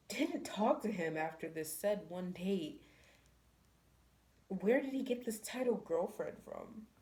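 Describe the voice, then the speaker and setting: Low gravelly woman, blunt and profane. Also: darkish tone. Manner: blunt, profane, exasperated storytelling. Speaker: book reviewer. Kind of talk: casual book review chat.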